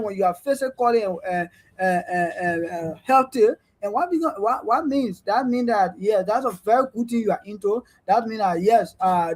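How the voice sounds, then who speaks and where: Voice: mid-range voice, a little mellow, rough recording. Panel speaker on a stream, medium voice, wandering and repetitive delivery. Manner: discursive, keeps adding "right?". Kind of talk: online panel discussion. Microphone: remote streaming call.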